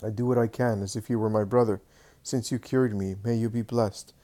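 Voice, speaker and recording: A man's voice: on the low side, fairly even intonation, fairly quick, dark tone, close to an everyday voice. A man voicing a humble, devoted male beggar who eagerly tells how he helps a sick friend. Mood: earnest. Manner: earnest, eager storytelling.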